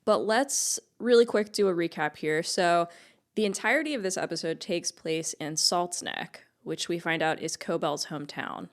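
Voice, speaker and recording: A woman co-hosting a casual podcast, her voice sitting a little low. She walks through the plot in an upbeat way and laughs often. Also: normal speed. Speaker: podcast co-host.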